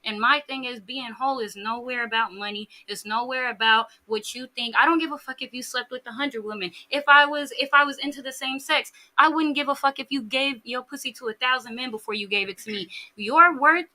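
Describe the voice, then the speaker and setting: Blunt opinionated woman on a podcast, bright kinda high voice. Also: brisk, hardly any pauses. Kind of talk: casual podcast chat.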